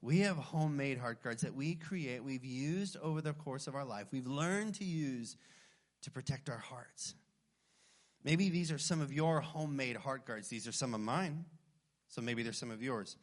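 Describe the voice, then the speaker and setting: A pastor in his thirties, with a fairly high voice, preaches a sermon earnestly and emphatically, slowing down to stress key phrases.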